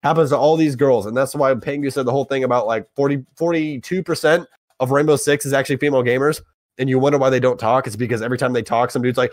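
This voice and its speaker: A young man co-hosting a gaming podcast, ranting in a heated, profane, emphatic way that climbs higher when he gets worked up. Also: steady tone, fast talker, no echo. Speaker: podcast co-host. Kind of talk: heated casual rant.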